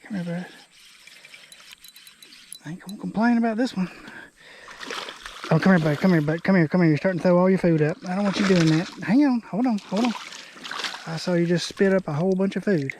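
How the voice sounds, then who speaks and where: A man's voice: sits high, fairly quick, pauses often, background noise. A man giving casual outdoor fishing commentary by a creek, folksy and talking to the fish. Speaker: fishing vlogger.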